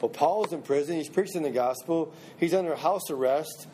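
Man, Bible study teacher, mellow tone, conversational, restarts phrases, faint background hum. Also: fairly high pitch, moderate pace. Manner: conversational, repeats and restarts phrases, asks the group questions.

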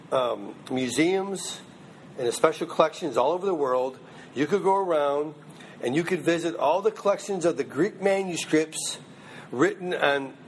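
A man's voice: a little high, a little hiss or hum. Chatty man teaching Bible class. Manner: conversational, checks in with "okay?" and "you know what I mean?". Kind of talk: informal Bible class lecture.

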